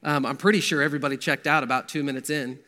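A man's voice: mid-range voice, fairly even intonation, rapid-fire, sharp tone. A middle-aged man giving a personal testimony talk at a men's breakfast, telling his story conversationally with many ums and restarts. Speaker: guest speaker at men's breakfast. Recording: long reverb of a hall.

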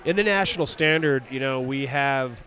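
A man's voice: mid-range voice, normal speed, pushed and bright. A man who coaches skiing, talking practically and encouragingly in an outdoor interview. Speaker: ski coach and exam selector.

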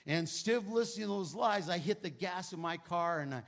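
Fifties male preacher, a touch high-pitched, earnest testimony delivery that swings from loud emphasis to soft, low sorrow. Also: expressive, a little fast, vocal fry. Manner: earnest storytelling, rising loud on key lines, dropping soft and low on sad parts. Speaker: guest preacher. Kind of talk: sermon with personal testimony. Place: church sanctuary.

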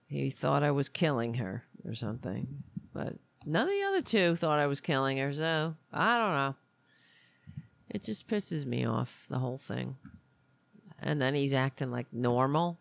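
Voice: medium pitch, vocal fry, no echo. A podcast host in casual political talk, rambling and grumbling with lots of restarts, sounding irritable.

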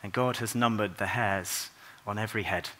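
A man preaching a Christmas sermon in a church, earnest and unhurried, dropping to a soft, quiet voice for tender passages. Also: lowish voice, steady tone.

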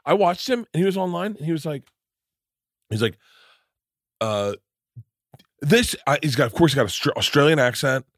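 Profane, excitable male podcast host. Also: a little high, moderate pace, long pauses, no room sound, studio quality. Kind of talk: casual chat.

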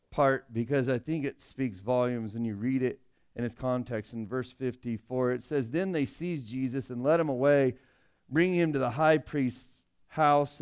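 A young male pastor preaching a sermon in an earnest, conversational way, rising loud on emotional points. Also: medium pitch, smooth.

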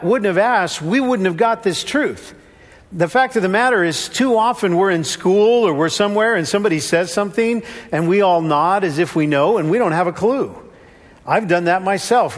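High-voiced man preaching in a reverberant hall. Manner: conversational, acts out quoted voices. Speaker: pastor. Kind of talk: sermon.

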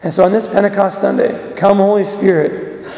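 A man delivers a sermon in a high, mellow voice with a gravelly edge. He urges his listeners earnestly and then drops to a hush. His voice rings through a large, echoing church. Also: fairly even intonation, fairly quick. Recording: echoey church with long reverb.

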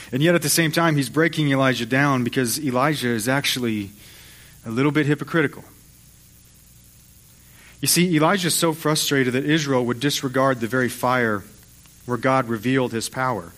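A man's voice: mid-range voice, normal speed, long pauses, fairly bright tone. A man preaching a sermon as pastor, retelling a story and acting out the voices of its figures.

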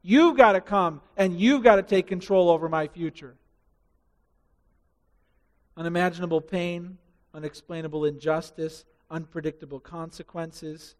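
A man preaching a sermon with passion, building to loud rising emphasis and dropping to hushed asides. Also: sits high, in a large hall. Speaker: pastor.

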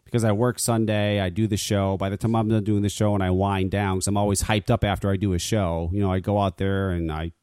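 A man's voice: on the low side, flat delivery, fast, hardly any pauses, darkish tone, clear, resonant tone, no echo, studio quality. A man hosting a talk radio show, ranting casually with lots of swearing and stammered restarts. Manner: profane, stammering rants.

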